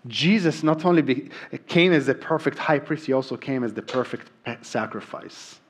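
A man's voice: medium pitch, brisk, few pauses. A middle-aged man from Israel, a native Hebrew speaker with an Israeli accent, preaching a sermon in an earnest way with frequent ums and restarts. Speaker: pastor.

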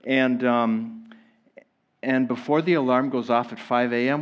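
A man preaching a conversational sermon as a pastor, chatty with many fillers, animated asides to the congregation. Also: medium pitch, unhurried, highs cut off.

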